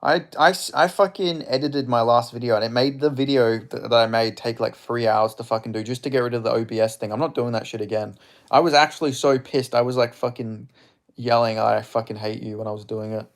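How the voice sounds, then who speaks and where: A young man talks through a live fight on stream in a casual, off-the-cuff way. His voice has a gravelly, creaky edge at a middling pitch. He reacts to the action, answers his viewers and swears without holding back. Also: fairly even intonation, brisk. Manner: chatty, reacting to strikes, reading viewer chat aloud; blunt, swears freely. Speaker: streamer hosting a live fight watch-along.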